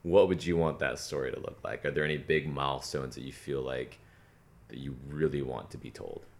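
Host, male, extremely deep voice, relaxed and encouraging. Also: brisk, creaky. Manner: laid-back, encouraging. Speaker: podcast host. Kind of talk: casual interview.

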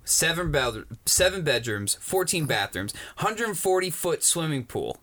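A man co-hosting a podcast, excitable and crude with loud jokes. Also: a little high, measured pace, few pauses. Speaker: podcast co-host. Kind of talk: casual podcast chat.

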